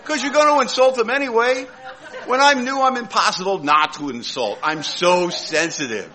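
A man's voice: high voice, moderate pace, bright, forceful tone. A man telling a humorous story about his own recovery, acting out the voices of other people with comic timing. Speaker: recovering alcoholic sharing his story at a meeting. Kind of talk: humorous personal recovery talk.

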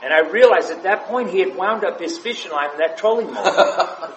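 A man with a somewhat high voice tells casual anecdotes at a group meeting, chuckling as he goes. He is heard in an echoey room. A faint background hiss sits under him. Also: expressive, normal speed. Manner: anecdotal, chuckles through his stories. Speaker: meeting member sharing. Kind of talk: casual storytelling share.

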